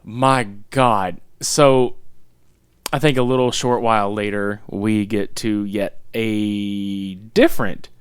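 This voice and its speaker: A man co-hosting a podcast, chatting casually about a movie in an animated, profane way and laughing often. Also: on the low side, slow pace, clean tone, dry recording, clean studio sound. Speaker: podcast co-host.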